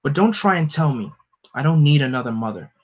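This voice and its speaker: A man's voice: on the high side, animated, fairly quick. A man voicing a defiant teenage superhero girl who snaps back bitterly and defensively. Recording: dull lo-fi recording.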